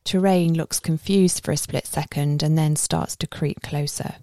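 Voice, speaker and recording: A woman narrates a first-person adventure story in a steady, measured way. Her voice is low and mellow with a gravelly texture. The recording is close and dry. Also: dry recording. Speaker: audiobook narrator.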